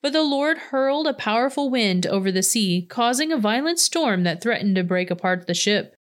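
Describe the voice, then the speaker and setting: A woman reading a Bible passage aloud in a steady, measured way. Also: fairly high pitch. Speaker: scripture reader.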